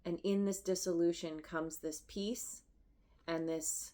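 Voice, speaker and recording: A woman reads tarot cards aloud to her viewers, taking her time. Her voice sits a little low, and she moves between hushed reflection and excited bursts, often stopping and restarting her sentences. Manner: emotional, effusive, halting with restarts and laughs. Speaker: tarot reader. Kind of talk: tarot reading to camera.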